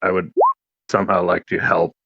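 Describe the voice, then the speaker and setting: A man playing a tabletop game, speaking in a hesitant, halting way, on a dull, dry home mic. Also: sits low, flat delivery, creaky, breathy edge, dry recording. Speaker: player. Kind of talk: casual tabletop role-play.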